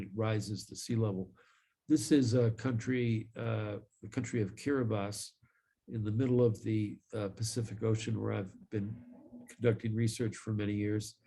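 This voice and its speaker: A middle-aged man giving an earnest live talk as an ocean scientist, speaking in a measured way with many pauses and fillers. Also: fairly low pitch, mellow.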